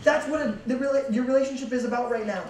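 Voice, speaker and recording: A man's voice: extremely high pitch, fast. A young youth pastor gives a laid-back, jokey but emphatic sermon. His voice rings around a big echoing church hall and is picked up from a distance. A faint hiss runs underneath. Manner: casual, joking, emphatic. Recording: echoey hall from far off.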